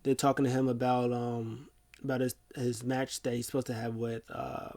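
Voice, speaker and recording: A man's voice: mid-range voice, flat delivery, moderate pace, darkish tone. Chatty man recapping a wrestling show. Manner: rambling, chatty retelling with fillers. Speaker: host.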